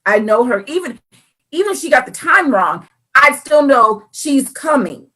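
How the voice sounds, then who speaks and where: Lively woman chatting. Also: high voice, moderate pace. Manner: animated, acts out quoted voices. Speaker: podcast co-host. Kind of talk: casual faith chat, reading scripture.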